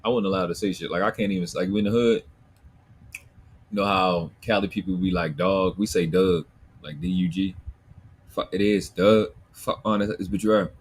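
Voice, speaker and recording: A man's voice: sits low, fairly quick, vocal fry, slightly rough. A man with a Baltimore accent hosting a livestream, talking bluntly and profanely while reading chat comments. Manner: profane, blunt, animated ranting. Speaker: livestream host.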